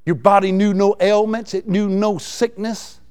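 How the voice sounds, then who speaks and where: A man preaching a folksy, excitable sermon. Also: sits high, unhurried, clear, resonant tone. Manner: excitable, folksy, laughs between lines.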